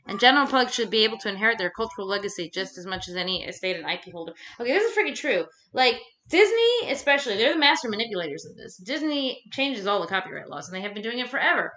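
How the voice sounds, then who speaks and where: A woman's voice: mid-range voice, quick pace, few pauses. A young woman vlogging at home, ranting casually with plenty of swearing and fillers. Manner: rambling, swears freely, animated ranting with fillers. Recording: roomy echo.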